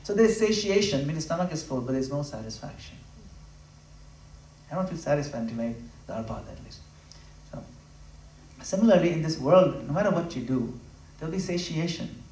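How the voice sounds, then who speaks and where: Impassioned man preaching in a roomy space. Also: animated. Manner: impassioned, rising to loud emphatic peaks, then dropping low and intimate; conversational, acts out quick voices of listeners. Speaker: spiritual speaker. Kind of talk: devotional talk at a home program. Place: room in a home. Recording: roomy, from a distance.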